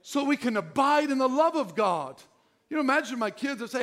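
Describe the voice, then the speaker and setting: A middle-aged man pastor preaching a sermon in an animated, joking way. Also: very high voice, brisk.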